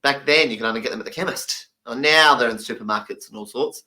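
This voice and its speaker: Bright-voiced man telling jokes. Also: mid-range voice, quick pace. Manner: lively, emphatic, playful. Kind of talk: stand-up comedy storytelling.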